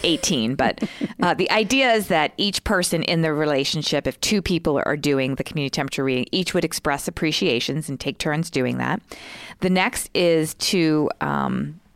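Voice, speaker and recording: A woman in her forties, a co-host explaining a communication tool in a measured, casual way with many fillers. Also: low-pitched, dry recording, clean studio sound. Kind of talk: explaining casually with role-play examples.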